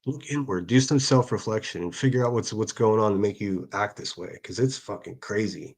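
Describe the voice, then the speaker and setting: A man's voice: fairly low pitch, fairly quick, hardly any pauses, slightly rough. A man hosting a solo livestream, reading out hostile comments and answering them in a sarcastic, profane rant. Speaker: livestream host.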